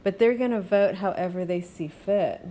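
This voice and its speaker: A woman's voice: medium pitch, normal speed, mellow. A woman hosting a podcast, talking in a casual, rambling monologue with many fillers and reassuring "okay?" asides. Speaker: podcast host. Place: home.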